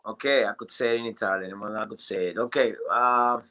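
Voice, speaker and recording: A man's voice: fairly low pitch, steady tone, brisk, pushed and bright. A man with a Spanish accent, telling his story on a group video call, rambling with many fillers and restarts. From Quebec, Canada. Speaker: new business member. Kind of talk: casual testimonial on a group call.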